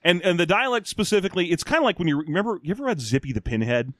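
Animated ranting podcast man. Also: high voice, racing, no echo, clean studio sound. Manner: animated, swearing, mock-ranting. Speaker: podcast co-host. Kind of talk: casual chat.

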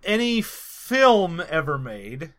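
A man co-hosting a podcast, joking and animated, laughing easily. His voice is high and bright. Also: slow. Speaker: podcast co-host. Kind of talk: casual chat.

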